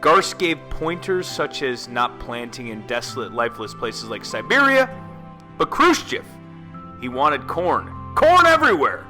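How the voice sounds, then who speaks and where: A man giving scripted voice-over narration full of wry, sarcastic asides. His pitch is lively and animated and his tone bright and forceful. Soft background music runs under the voice. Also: normal speed, hardly any pauses.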